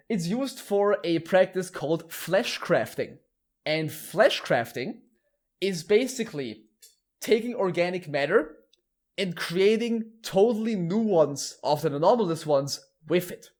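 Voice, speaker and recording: A man with a fairly high voice talks through an explanation on a casual podcast. He often restarts his sentences and speaks bluntly. His delivery is loose and conversational. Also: lively intonation, measured pace, darkish tone. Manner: explains at length, with many restarts and some laughing. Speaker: podcast host explaining lore.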